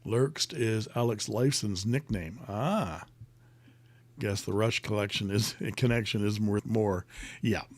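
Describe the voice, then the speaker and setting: A man with a lowish voice hosts a casual live stream, reading viewer comments and rambling through answers with plenty of ums and uhs. The sound is dry and close, with no room echo. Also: unhurried. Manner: chatty, rambling, many fillers, reads comments aloud.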